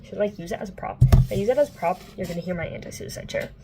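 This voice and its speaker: A young woman book vlogger recaps a plot indoors in a rapid-fire, mid-range voice, with loud music behind her. She is chatty and playful, full of "like" and swearing.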